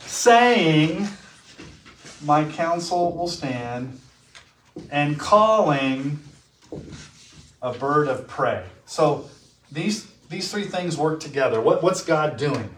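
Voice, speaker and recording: A man giving a classroom theology lecture. He asks questions, answers them himself, and slows down to stress key words. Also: fairly high pitch, animated, a little hiss or hum. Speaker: teacher. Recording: echoey room.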